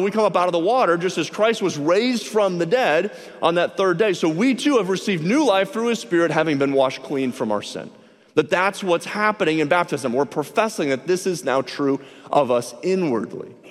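A male pastor preaching an earnest, emphatic sermon, slowing down to stress key phrases. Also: on the high side, in a large hall.

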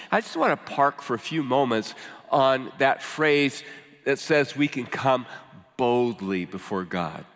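A man of middle pitch preaching, moving from emphatic declarations to quiet, drawn-out scripture reading. His voice carries the long reverb of a large hall. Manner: swings from loud emphasis to hushed, slow scripture reading. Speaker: pastor. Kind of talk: sermon.

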